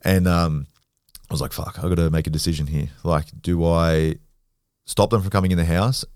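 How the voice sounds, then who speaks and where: An Australian man, a podcast guest, telling stories in a blunt, animated way and swearing freely. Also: sits low, moderate pace, clear, resonant tone, no echo, clean studio sound. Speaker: podcast guest, grappler and former rugby league player. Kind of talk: casual storytelling.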